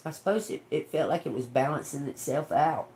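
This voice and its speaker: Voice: mid-range voice, brisk, darkish tone. A tarot reader, rambling in casual livestream chat, laughing often and swearing heavily.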